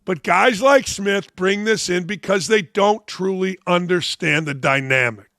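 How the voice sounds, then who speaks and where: Sixties male host, gravelly and bright, blunt and profane, dry close sound. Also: sits high, unhurried, no echo. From Northwest Indiana. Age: 60s. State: slightly under the weather. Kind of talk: opinionated sports commentary.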